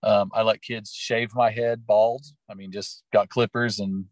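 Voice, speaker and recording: A man's voice: fairly low pitch, little pitch movement, a little slow, dry recording. A man who teaches and coaches, talking casually in an interview about his classroom, rambling with lots of fillers. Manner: chatty, storytelling, lots of fillers.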